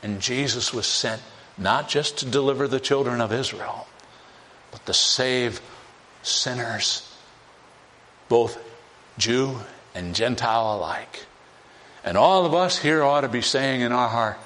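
A man's voice: mid-range voice, measured pace, long pauses, fairly bright tone. A man preaching a sermon on scripture. He repeats key phrases with emphasis and acts out the scenes he describes. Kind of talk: expository sermon.

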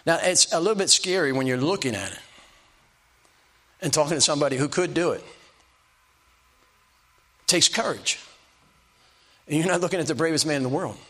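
An older preacher tells homespun stories from the pulpit. His voice sits a little high for a man, and he stumbles and restarts as he goes, then slows right down to land each punchline. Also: a bit bright. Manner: folksy storytelling, stumbles and restarts, slow emphatic punchlines. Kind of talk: sermon with personal stories.

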